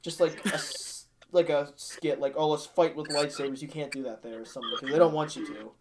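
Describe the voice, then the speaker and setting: Young male co-host, rambling casual chat, slightly high voice, clear background hiss. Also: fairly quick. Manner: swearing, rambling, hesitant. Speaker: podcast co-host.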